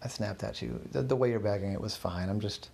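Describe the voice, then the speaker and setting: Jittery apologetic guy, trips over his words, gravelly edge, done by a man reading a story. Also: lowish voice, a little fast, a little mellow. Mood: anxious. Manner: apologetic, stammering restarts. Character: nervous anxious young man moving house.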